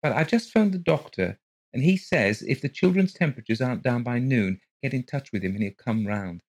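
Male reader voicing a nervous, polite young mother; pitch pushed up, hesitant and stammering. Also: lively intonation, brisk. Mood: anxious polite.

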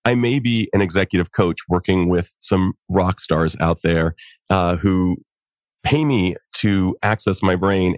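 A middle-aged man, a psychologist and coach, explaining things in an animated way and laughing often during a conversation. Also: lowish voice, no room sound, studio quality. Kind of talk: conversational podcast interview.

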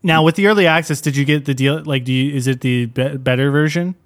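A man's voice: fairly high pitch, fast, no echo. Joking man in casual podcast chat. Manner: joking, swears, teasing. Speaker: podcast co-host.

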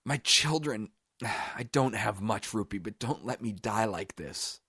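A man reading a wounded Scottish thief who is dying and begs weakly and slowly for his life. The voice is very deep and the recording is dry and close. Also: expressive, sharp tone, slightly rough, no room sound, exaggerated voice. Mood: dying plea. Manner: weak, pleading, slow.

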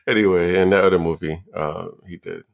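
Deep gravelly young man, halting casual talk. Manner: halting, repeats words, lots of fillers. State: high on weed. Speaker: podcast co-host. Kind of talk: casual chat.

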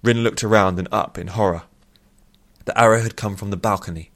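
Guy reading a fantasy audiobook, lowish voice, steady and measured. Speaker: narrator. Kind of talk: scripted fantasy audiobook narration.

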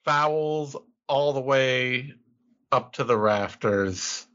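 A man's voice: medium pitch, extremely slow, a bit bright, dull audio. A man hosting a podcast in casual banter, joking and trailing off mid-thought. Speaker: podcast host.

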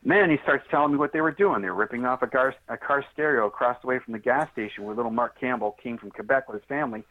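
A man's voice: medium pitch, quick pace. A man on a tinny, phone-like line, telling a story plainly and directly, with a middle-range voice. He acts out what others said as he goes. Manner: animated, straightforward storyteller acting out dialogue. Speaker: interview guest. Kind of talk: storytelling in a podcast interview.

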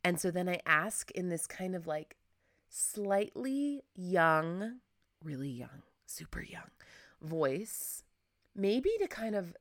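A woman's voice: fairly low pitch, lively intonation, slow, a bit bright, no echo, studio quality. A woman hosting a casual solo podcast, chatty and rambling, self-deprecating, with lots of filler words. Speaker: podcast host.

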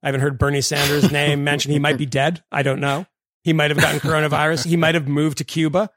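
A man co-hosting a podcast, reading a listener's email aloud in a rambling way with lots of fillers and quick laughs. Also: a little high, level tone, a bit bright, slight background noise. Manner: rambling, many fillers, laughs mid-sentence. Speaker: podcast co-host.

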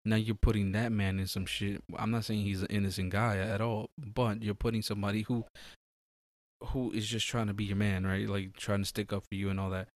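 A man's voice: on the low side, fairly quick, no room sound. A man in a casual, profane podcast chat who acts out little scenes as he talks. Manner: animated, profane, acts out bits.

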